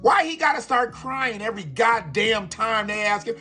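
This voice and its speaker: Animated, profane man hosting a livestream. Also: very high-pitched, moderate pace, soft background music. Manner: profane, animated, laughing asides. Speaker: livestream host. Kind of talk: live commentary rant.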